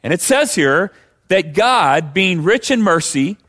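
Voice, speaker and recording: A man's voice: sits high, very animated, slow pace, fairly bright tone. A man preaching a sermon as pastor, conversational, with many rhetorical questions.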